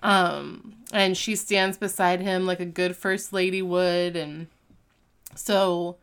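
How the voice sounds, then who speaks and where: A woman hosting a casual chat, recapping an episode in a chatty way and sometimes slipping into quick character impressions. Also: on the low side, little pitch movement, fairly bright tone, smooth. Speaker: podcast host recapping an episode.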